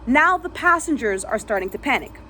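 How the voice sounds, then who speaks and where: A woman vlogger telling a dramatic personal story vividly, re-enacting sounds and dropping to a hush at tense moments. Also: fairly high pitch, very animated, fairly quick, a little hiss or hum.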